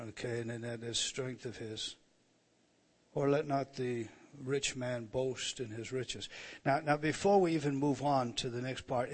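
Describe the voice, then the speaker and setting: A man's voice: mid-range voice, slightly rough. A man preaching an expository sermon, reading verses aloud and explaining them with emphatic rises and frequent restarts.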